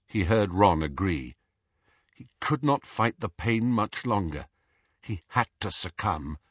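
Husky man narrating a story. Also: sits low, no echo. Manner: expressive, measured storytelling. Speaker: audiobook narrator. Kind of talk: scripted narration. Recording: dull lo-fi audio.

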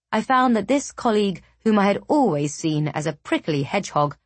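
A woman narrating a first-person novel in a measured, even audiobook reading. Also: mid-range voice, dry recording.

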